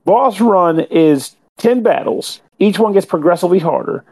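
A man with a higher-than-usual voice gives a long, talkative podcast game review. He is wordy and often corrects himself mid-sentence, speaking in a casual way. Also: lively intonation, normal speed, a little mellow.

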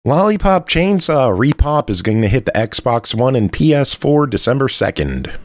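A man's voice: mid-range voice, sing-song, moderate pace, dry recording, clean studio sound. A man co-hosting a podcast who reads out game news items and teases his co-host in casual banter. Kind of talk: casual chat.

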